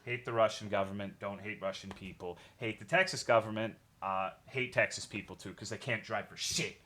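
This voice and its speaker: A man's voice: fairly low pitch, steady tone, brisk, pushed and bright. A young man streaming a game, chatting casually with his viewers in a rambling way, swearing often and greeting chat by name.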